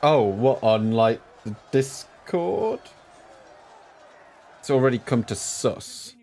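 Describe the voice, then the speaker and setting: A man streaming a strategy game, chatting with viewers between sudden excited outbursts. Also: medium pitch, slow pace, a little hiss or hum. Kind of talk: live gameplay commentary.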